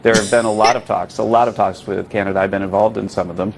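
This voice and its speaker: Man, low voice, news interview guest, measured, hedging, faint noise. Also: steady tone, gravelly.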